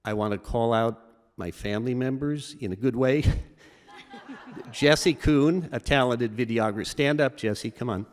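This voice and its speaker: Halting middle-aged man in an echoey hall. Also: mid-range voice. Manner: halting and emotional, many fillers and restarts. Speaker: award recipient. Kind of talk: acceptance speech. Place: large event hall. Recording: reverberant hall with audience.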